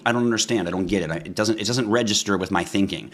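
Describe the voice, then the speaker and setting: A man's voice: fairly low pitch, fast, few pauses. Blunt, ranting male crypto streamer. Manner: blunt, ranting, talks to chat viewers. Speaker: livestream host. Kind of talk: live crypto stream chat.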